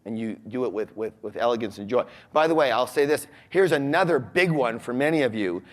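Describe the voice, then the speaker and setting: A man's voice: medium pitch, brisk. A man giving a motivational seminar talk to a live audience, often asking them questions. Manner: animated, asks the audience questions. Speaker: seminar speaker. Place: large room with a live audience.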